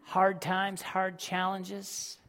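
Male preacher, slow and dramatic, dropping soft then rising loud, recorded in an echoing hall. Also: sits high, monotone. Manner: dramatic, swings from hushed to loud. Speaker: pastor. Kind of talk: sermon. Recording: long reverb of a large hall.

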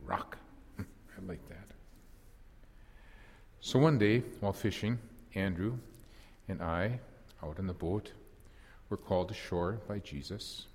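A man's voice: sits low, slow, long pauses, a little mellow, breathy edge, long reverb tail, heavily acted. A man playing an impulsive apostle fisherman in a first-person dramatic monologue, telling his story earnestly and reflectively with wry self-deprecation.

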